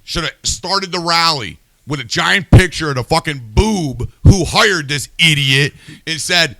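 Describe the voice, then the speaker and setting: A man's voice: a little high, expressive, a little slow, few pauses, sharp tone, dry recording. A man hosting a podcast, ranting in a heated, profane, casual way. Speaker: podcast host.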